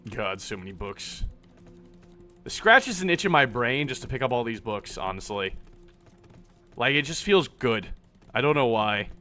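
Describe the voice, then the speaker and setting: A man streaming a game, reacting loudly with swearing and sarcastic comments. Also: medium pitch, very animated, moderate pace, long pauses. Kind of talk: live gameplay commentary.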